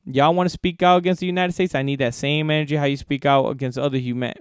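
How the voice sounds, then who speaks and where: A man with a smooth, resonant voice rants heatedly through a solo sports podcast. He swears freely and circles back over his own words. The sound is dry and close, with no room around it. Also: medium pitch, dry recording. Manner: heated, profane, repeats himself. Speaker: podcast host.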